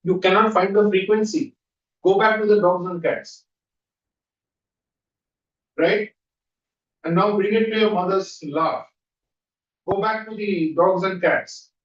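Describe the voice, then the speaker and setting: A man leading a guided visualization exercise as a trainer, coaching with quick repeated questions. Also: sits high. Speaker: NLP trainer. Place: training room. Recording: dull echoey room audio from far off.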